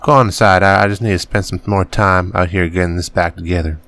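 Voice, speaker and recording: A man's voice: low voice, fairly even intonation, fast talker, a bit bright, dry recording. A man reading out a weary, working-class miner father who grumbles and swears about the company but is tender with his son, in a put-on accent.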